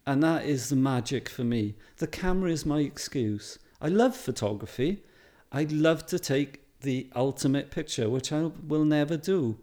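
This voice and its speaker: A man's voice: a little high, normal speed, hardly any pauses, warm tone. Chatty Welsh man telling stories. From Wales. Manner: chatty, anecdotal, laughs often, many fillers. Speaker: photographer guest. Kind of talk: casual interview chat.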